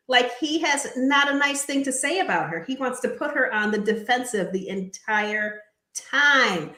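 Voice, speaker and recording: A woman's voice: on the high side, animated, unhurried, sharp tone, reverberant. A woman co-hosting a casual recap chat, retelling scenes and acting out quotes. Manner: chatty, acts out quotes, laughs often. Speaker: co-host.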